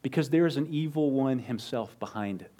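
A man preaching a sermon in a conversational way, sometimes dropping to a soft low voice for emphasis. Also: fairly quick. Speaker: pastor.

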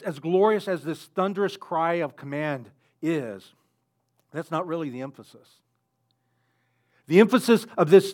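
A man preaching a sermon in an earnest way, building up loudly on key phrases. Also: fairly high pitch. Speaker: pastor.

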